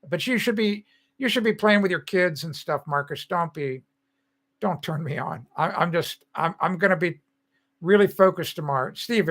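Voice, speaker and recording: A man's voice: high voice, fairly bright tone. An older man hosting a live stream, chatting casually with viewers in a rambling way and laughing often.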